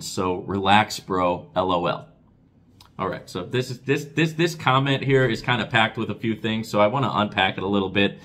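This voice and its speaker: Man, low voice, casual Q&A vlog host. Excitable and expressive, chatty with viewers. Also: moderate pace. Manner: excitable, voice rises when excited; expressive, talks with his hands. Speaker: crypto channel host.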